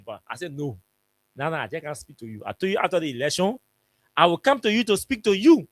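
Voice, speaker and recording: A middle-aged man with a Liberian English accent, hosting a talk show and telling a political story in an animated, repetitive, emphatic way. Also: high-pitched, no echo. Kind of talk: political commentary monologue.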